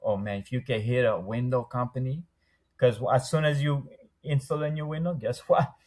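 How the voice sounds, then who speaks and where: A man's voice: mid-range voice, fairly even intonation, normal speed, darkish tone. A man who owns a window treatment business, a podcast guest who chats casually, laughs often and acts out the voices in his stories. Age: young adult. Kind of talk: casual interview talk.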